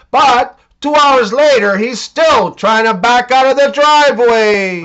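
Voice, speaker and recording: A man telling scripted jokes in a deadpan way, leaning into the punchlines, on a dull lo-fi recording. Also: high voice. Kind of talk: scripted joke narration.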